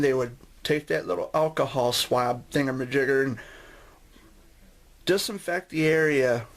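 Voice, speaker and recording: Man rambling through a personal story. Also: mid-range voice. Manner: rambling, with frequent restarts and asides. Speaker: vlogger sharing a memory.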